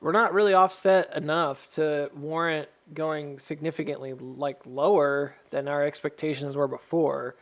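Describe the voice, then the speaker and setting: A man's voice: on the high side, steady tone, measured pace, hardly any pauses, a bit bright. A man doing a casual charting stream, joking and rambling as he thinks aloud. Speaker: stock chart analyst.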